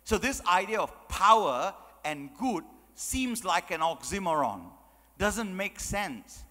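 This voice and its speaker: A man's voice: high-pitched, lively intonation, slow pace, pushed and bright, big-room sound. A man giving a chatty, joking motivational talk, full of "you know"s. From Malaysia. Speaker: motivational speaker. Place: large hall.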